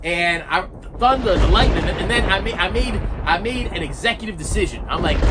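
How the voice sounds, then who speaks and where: A middle-aged man telling a childhood story as an animated rant, repeating himself and acting out the scenes. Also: sits high, brisk, few pauses, noisy background. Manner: animated, repetitive, acts out scenes. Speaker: vlogger.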